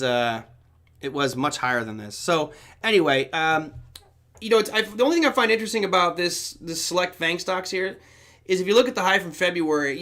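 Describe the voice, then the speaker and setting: Male stream host, middle-aged, from Germany; bright, slightly high voice, loose and chatty while working charts. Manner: casual, rambling, thinks aloud while charting. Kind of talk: live market analysis stream.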